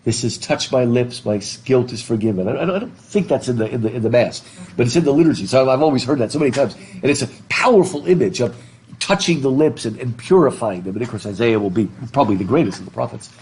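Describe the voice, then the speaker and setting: A middle-aged American man lecturing in a classroom, animated, reading passages aloud and joking with his students. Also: mid-range voice, quick pace, slight background noise. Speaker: literature professor.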